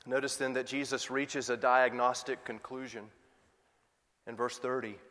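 A male pastor preaching a sermon, moving from loud emphatic questions to soft, quiet asides. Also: mid-range voice, flat delivery, normal speed, big-room sound.

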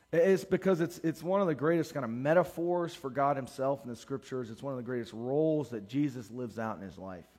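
A middle-aged man preaching a sermon as a pastor, animated and acting out the voices in his stories. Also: mid-range voice. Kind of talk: sermon with storytelling.

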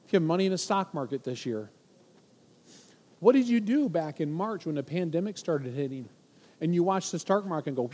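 A man in his forties preaches to his congregation with a high, bright voice. He is animated and playful, dropping into mock-worried voices to make his point. A long church-hall reverb trails each phrase. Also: fairly quick, husky. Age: 40s. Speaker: pastor. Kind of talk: sermon.

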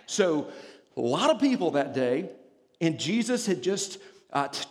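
A man preaching a sermon in a church, telling stories with humor and explaining scripture in an animated way. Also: high voice, in a large hall.

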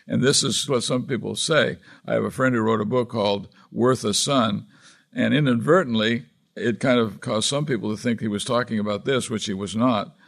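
A man's voice: on the low side, vocal fry, a bit bright, husky. A man preaching a sermon as pastor, earnestly reading and explaining scripture verse by verse.

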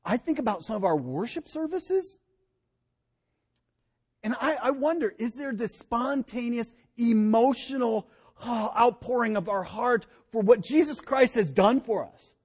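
A middle-aged male pastor preaching a sermon in an animated way, his voice rising and dropping for emphasis. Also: very high-pitched, measured pace, husky.

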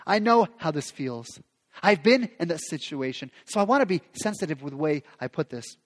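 A man's voice: a little high, lively intonation, normal speed. A man preaching a sermon as pastor, speaking with passion and acting out quoted prayers. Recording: long reverb of a large hall.

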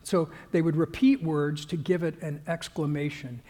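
A male pastor giving a conversational sermon, halting with fillers and restarts and growing more emphatic as he goes. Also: a little high, fairly even intonation, dark tone, in a large hall.

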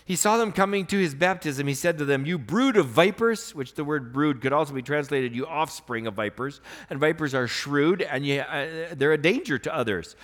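A man preaching a sermon as pastor, earnest, swinging between emphatic raised passages and quiet, softly spoken stretches. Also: mid-range voice, normal speed, few pauses. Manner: earnest preaching, rising to emphatic bursts then dropping soft.

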